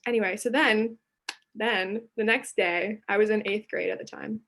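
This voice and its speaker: A teenage girl telling a story as a podcast guest, chatty and animated, full of fillers. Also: medium pitch, normal speed, a little hiss or hum. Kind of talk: casual chat.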